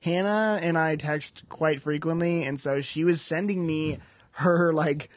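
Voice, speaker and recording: A man's voice: fairly high pitch, fairly even intonation, a little slow, no echo. A man co-hosting a podcast, playful and teasing as he reads out texts in a casual chat. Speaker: podcast co-host.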